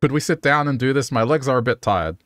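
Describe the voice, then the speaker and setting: A man's voice: medium pitch, expressive, fast talker, fairly bright tone, dry recording, studio quality. A man streaming a video game, joking playfully and talking to the characters as he plays. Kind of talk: playful gameplay commentary.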